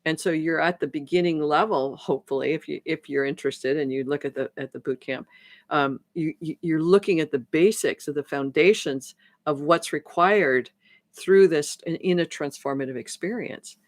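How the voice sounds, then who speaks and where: A woman's voice: low voice, moderate pace, no echo. A woman coach talks through a live stream, her thoughts looping back with frequent restarts as she acts out little conversations. The sound is dry and close, with no room around it. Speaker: transformation coach. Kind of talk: live-stream talk to viewers.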